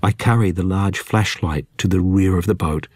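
Man narrating a novel, very low husky voice, measured and quiet. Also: dry recording. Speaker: audiobook narrator. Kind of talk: scripted first-person narration.

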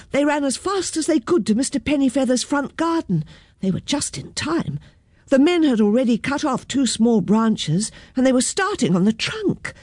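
A woman reading a children's picture book aloud in a gentle, clear storytelling manner. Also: sits high, dry recording, clean studio sound.

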